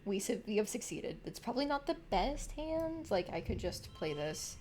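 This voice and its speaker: A woman streaming a game, chatty and quick to laugh as she comments and reads aloud. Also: medium pitch, big pitch swings, a little mellow, a little hiss or hum. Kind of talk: casual game playthrough commentary and reading.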